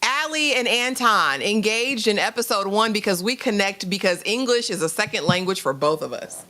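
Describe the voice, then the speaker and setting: Bright-voiced woman hosting a live chat. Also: medium pitch, moderate pace. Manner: animated, exclamatory, drawling slang. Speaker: podcast co-host. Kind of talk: casual live-stream chat.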